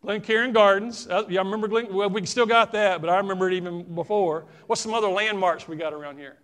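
A man's voice: high voice, fast, a bit bright. A middle-aged man with a Southern US accent, preaching a folksy sermon and talking straight to his congregation. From South Carolina, US. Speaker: pastor.

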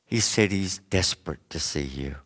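A man's voice: sits low, normal speed, a bit bright, pitched below the performer's own voice. A man doing a curt housemaid. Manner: curt, dismissive. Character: brusque female maid guarding the door.

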